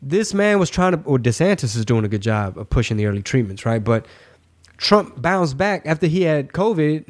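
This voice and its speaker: A man's voice: fairly high pitch, moderate pace. Slangy man with a stuffy voice. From Texas. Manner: loose, slangy and animated, with many fillers. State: slightly stuffy, congested. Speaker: podcast co-host. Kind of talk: casual political podcast banter.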